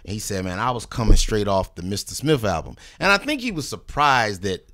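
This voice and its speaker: A recording artist guest tells a long podcast story casually, with free swearing, impersonations of the people he quotes, and "you know what I mean" thrown in. His voice is lowish with big pitch swings, a little fast, pushed and bright. The studio sound is clean, with no room sound.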